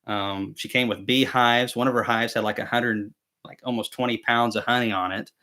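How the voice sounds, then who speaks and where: A man's voice: medium pitch, fairly even intonation, moderate pace, pushed and bright. A young man hosting a casual beekeeping live chat, telling rambling, self-deprecating stories with many fillers and restarts. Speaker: beekeeping channel host.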